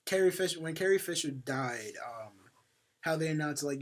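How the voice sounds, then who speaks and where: A young man co-hosting a casual podcast rambles along with lots of fillers and swearing, wearing headphones and using a home podcast mic. His voice is on the high side and animated, at a moderate pace.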